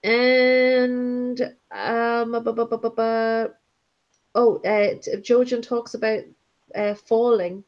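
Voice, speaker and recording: Woman, casual book-chat co-host, halting and filler-heavy, slightly dull lo-fi sound. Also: on the high side, flat delivery. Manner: halting, many fillers and restarts.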